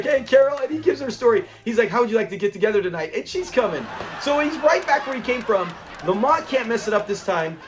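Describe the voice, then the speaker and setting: A man hosting a review channel, casually retelling an episode, acting out the characters' lines and laughing along. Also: high-pitched. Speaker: show review channel host.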